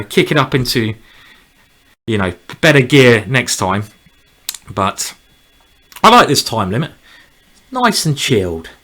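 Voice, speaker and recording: A man's voice: mid-range voice, fairly bright tone. Male chess streamer, chatty, rambling, mid-range voice, erupts into cheers at good moves. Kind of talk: live chess commentary while playing.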